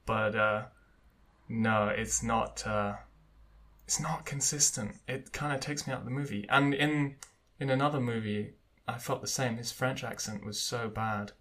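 Male podcast co-host, bright voice, chatty, hesitant fillers. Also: mid-range voice, a little slow. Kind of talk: casual chat.

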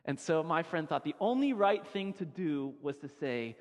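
A fairly high-voiced man preaches from the pulpit, telling his story casually and doubling back on his words. His voice rings out with a long reverb from the church hall around him. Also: expressive, normal speed, few pauses. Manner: conversational, repeats words as he builds the story. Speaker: pastor. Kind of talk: sermon storytelling. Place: church sanctuary.

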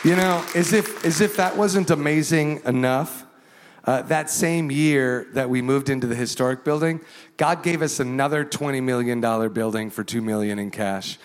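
A man preaching as a pastor, telling a story with animated delivery and acting out the voices of the people in it. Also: mid-range voice, normal speed, in a large hall, a faint crowd, a little hiss or hum. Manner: animated, acts out quoted voices. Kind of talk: sermon storytelling.

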